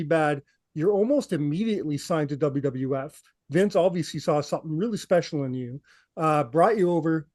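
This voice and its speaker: A man's voice: on the high side, darkish tone. A man co-hosting a wrestling podcast, asking long and enthusiastic questions with plenty of filler words. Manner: enthusiastic fan, lots of fillers. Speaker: podcast co-host. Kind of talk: interview questions.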